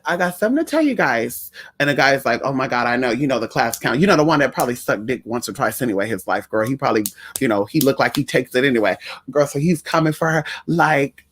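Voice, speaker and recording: A woman's voice: low-pitched, slightly rough. A trans woman vlogger telling a story to her viewers in a sassy, chatty way, calling them y'all and honey.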